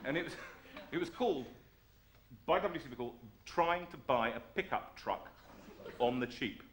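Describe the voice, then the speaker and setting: A man's voice: medium pitch, expressive, measured pace, roomy sound, noisy background. A man hosting a live music show, telling jokey stories to his audience between songs. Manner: playful, jokey, chatty with the audience. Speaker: host and singer. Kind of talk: live show chat and comic story-song. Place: music room of a live stream.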